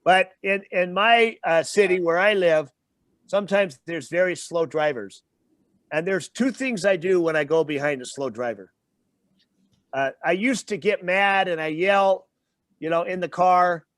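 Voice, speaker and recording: A man's voice: high voice, measured pace, fairly bright tone, no room sound. A man as the guest speaker and trainer in an interview, explaining with everyday examples and stopping to check in with the listener.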